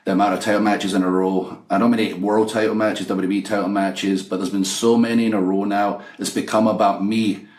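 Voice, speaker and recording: A man in his forties from Scotland with a Scottish accent tinged by an American twang, a guest talking boastfully and with animated storytelling over a video call. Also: lowish voice, fairly quick, reverberant. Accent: Scottish with slight American twang. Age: 40s. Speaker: guest wrestler. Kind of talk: remote interview.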